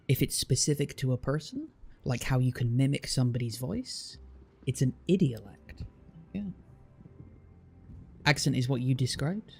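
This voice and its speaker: A British man chatting casually on a stream, picking up viewer comments and explaining things at length. His voice is gravelly with creak, at a middle pitch, with faint music playing behind him. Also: darkish tone. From Britain.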